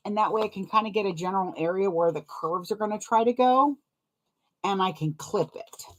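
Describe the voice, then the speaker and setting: A young adult woman sewing vlogger chats casually as she sews, rambling and self-deprecating, laughing often and wincing from a sore foot. Her voice is mid-range and brisk.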